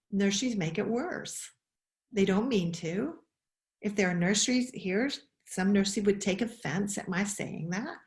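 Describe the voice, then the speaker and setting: Expressive woman giving a talk, roomy sound. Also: mid-range voice. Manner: expressive, acts out quoted voices, asks questions. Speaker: webinar speaker. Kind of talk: animated talk. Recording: roomy echo.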